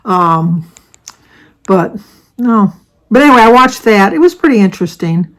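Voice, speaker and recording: A woman's voice: mid-range voice, lively intonation, unhurried, rough recording. Older woman from the US, casual vlog chat, rambling and self-correcting. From United States. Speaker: vlogger.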